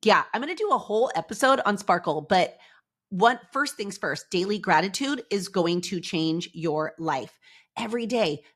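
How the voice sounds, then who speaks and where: Middle-aged woman hosting a podcast, bubbly, animated, chatty, mid-pitched voice. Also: moderate pace, breathy edge. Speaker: podcast host. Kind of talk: upbeat motivational podcast talk.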